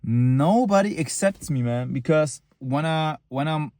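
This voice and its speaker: A man's voice: on the high side, expressive, unhurried, mellow, no echo, studio quality. A young man from Germany talking casually to camera in an earnest, rambling way, with many fillers and restarts. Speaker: vlogger.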